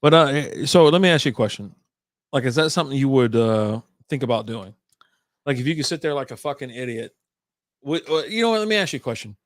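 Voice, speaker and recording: A man's voice: mid-range voice, lively intonation, fast, dry recording, clean studio sound. A man co-hosting a livestreamed podcast, talking bluntly with lots of swearing and exasperated rants. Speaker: podcast co-host. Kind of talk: casual chat over drinks on a livestream.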